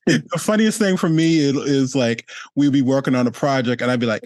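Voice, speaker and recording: A man hosting a relaxed, rambling interview over a video call, with plenty of fillers. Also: mid-range voice, fairly quick, no echo. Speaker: host. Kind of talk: casual interview chat.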